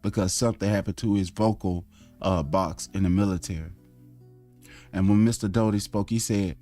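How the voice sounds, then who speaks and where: A man's voice: deep voice, fairly even intonation, normal speed, dark tone, soft background music. A man from Florida with a Southern US accent, teaching religion in a rambling, conversational way and calling his listeners family. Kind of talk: casual online teaching.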